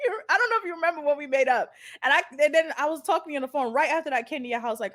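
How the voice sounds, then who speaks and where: Animated woman telling stories on a podcast. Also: sits high, fast talker. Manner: animated storytelling, laughs a lot, blunt and profane. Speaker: podcast co-host. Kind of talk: casual chat.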